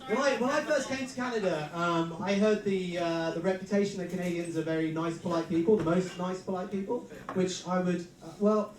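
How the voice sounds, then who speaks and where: A man's voice: sits high, brisk, hardly any pauses. English male emcee, thirties, self-mocking banter; distant mic in a reverberant room. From England. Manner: self-mocking storytelling with frequent laughs. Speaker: host. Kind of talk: stand-up comedy hosting. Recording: roomy live venue mic from a distance, crowd noise.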